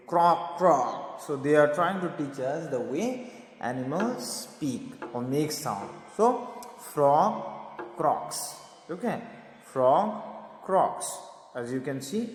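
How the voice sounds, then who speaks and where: A man teaching a poem to a class, explaining simply and repeating key words. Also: mid-range voice. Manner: explains simply, repeats words, says okay and right often. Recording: roomy echo with long reverb.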